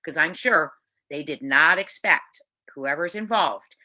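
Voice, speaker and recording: Woman livestream co-host, very low pitch, forceful edge, animated questioning, reacts to chat. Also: a little slow.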